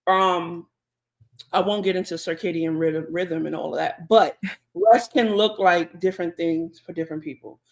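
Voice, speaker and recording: A woman, co-hosting a podcast in relaxed, chatty talk full of fillers and asides. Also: on the low side, normal speed. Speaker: podcast co-host. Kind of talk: casual podcast chat.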